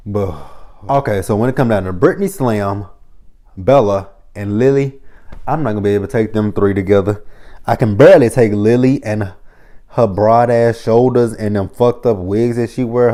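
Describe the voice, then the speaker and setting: A man's voice: fairly low pitch, mellow. A young man giving a blunt, profane, mocking recap of a reality TV episode as a show reviewer.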